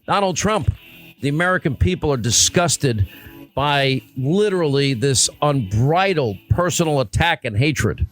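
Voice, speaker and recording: A man's voice: on the high side, expressive, measured pace, faint music behind. Emphatic male talk radio host. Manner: emphatic, combative. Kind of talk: opinionated talk radio monologue. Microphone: studio microphone.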